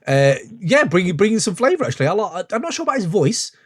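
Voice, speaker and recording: A man's voice: high-pitched, very animated, no room sound, studio quality. A man hosting a podcast, chatting enthusiastically and meandering as he reviews a track. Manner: enthusiastic, meandering, quick to laugh. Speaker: podcast host. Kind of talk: casual track-review chat.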